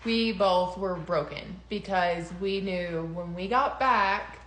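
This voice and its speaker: A woman's voice: fairly low pitch, slow, fairly bright tone, echoey room, slight background noise. A young woman in casual conversation, telling a personal story with lots of laughter and quoted voices. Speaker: podcast co-host.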